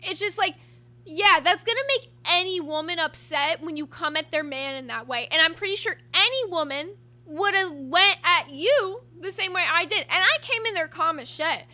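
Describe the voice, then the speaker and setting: A woman's voice: extremely high pitch, lively intonation, normal speed, bright, forceful tone. A woman co-hosting a casual reaction show, talking bluntly and emphatically with plenty of swearing. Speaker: co-host.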